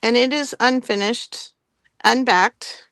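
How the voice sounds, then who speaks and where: A woman's voice: fairly high pitch, fairly even intonation, takes it slowly, fairly bright tone, no room sound. A woman hosting a live online sale, chatting casually about vintage items and laughing often between filler words.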